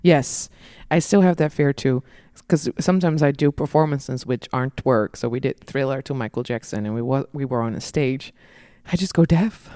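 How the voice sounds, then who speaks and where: A woman's voice: extremely low pitch, moderate pace, mellow, dry recording, clean studio sound. A woman guest on a podcast, talking casually and animatedly about dance, laughing at herself and acting out little quotes.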